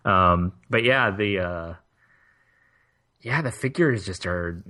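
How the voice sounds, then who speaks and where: A man co-hosting a podcast, chatting in a relaxed, rambling way that often trails off. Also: deep voice, takes it slowly. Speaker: podcast co-host. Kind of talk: casual chat.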